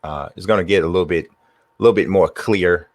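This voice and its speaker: A man's voice: deep voice, brisk, a little mellow, no room sound. A man streaming gameplay, muttering and trash-talking his players as he plays. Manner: trash-talks the game, mutters to himself. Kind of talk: live gameplay commentary.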